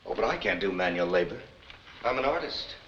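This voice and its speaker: A man playing a suave, vain painter who talks smoothly, in a 1950s TV drama. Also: deep voice, lively intonation, fairly quick, fairly bright tone, a little hiss or hum. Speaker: artist. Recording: dull lo-fi 1950s TV soundtrack.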